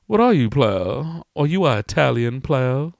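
A man's voice: mid-range voice, very animated, a little slow, vocal fry, dry recording, clean studio sound. A man voicing a skinny, dapper customer at a barbecue joint who is brash and mouthy and calls everyone player. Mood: nosy, chatty.

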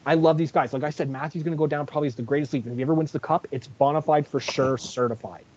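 A man's voice: fairly high pitch, steady tone, rapid-fire, darkish tone, slight background noise. A man co-hosting a casual sports podcast, ranting in a fired-up, profane way. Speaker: podcast co-host. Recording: dull lo-fi audio.

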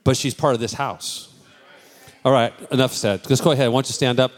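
A man's voice: medium pitch, fairly even intonation, a little fast, a little hiss or hum. A man pastor chatting casually with his congregation from the front, loose and spontaneous. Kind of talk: casual sermon talk.

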